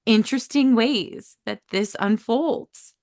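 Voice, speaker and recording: Woman host chatting slow and easy, dry close sound. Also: fairly high pitch, a little mellow, dry recording. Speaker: podcast host. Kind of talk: casual conversation.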